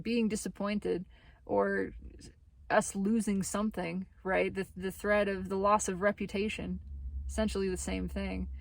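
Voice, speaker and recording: A woman giving a casual spiritual tarot reading. She is animated, laughs often and swears casually. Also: mid-range voice, creaky. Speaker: tarot reader.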